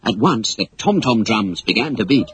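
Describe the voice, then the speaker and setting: A man reading a children's story aloud as narrator, in an expressive storybook style. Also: lowish voice, normal speed, husky, dry recording, low-quality recording. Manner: animated, expressive read-aloud.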